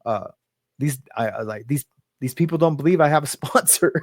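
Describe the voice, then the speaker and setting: A man's voice: medium pitch, moderate pace, dry recording, clean studio sound. A man hosting a casual live stream, rambling, laughing often and greeting viewers in the chat by name. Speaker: livestream host.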